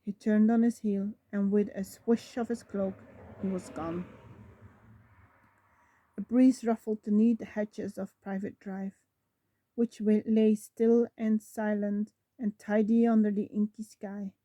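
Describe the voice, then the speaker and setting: A woman reading a novel aloud, slowly, often stumbling over words and correcting herself. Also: mid-range voice, level tone, dark tone, no echo. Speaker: reader.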